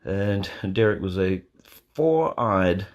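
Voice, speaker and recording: A man hosting a casual live watch party from bed, answering chat questions in a deadpan, joking way. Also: low-pitched, slow pace, lo-fi sound. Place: in bed at home. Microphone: phone.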